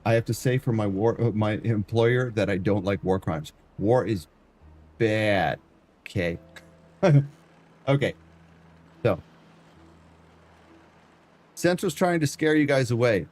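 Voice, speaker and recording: A man's voice: fairly low pitch, animated, slow, long pauses, a little mellow. A man from Canada, a variety streamer chatting casually and jokingly with his live-stream chat.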